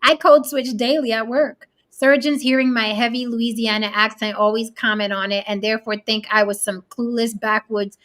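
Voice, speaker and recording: Woman host, high pitch, bright tone, brash, bossy, swears freely. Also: level tone, moderate pace, hardly any pauses. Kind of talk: casual group chat.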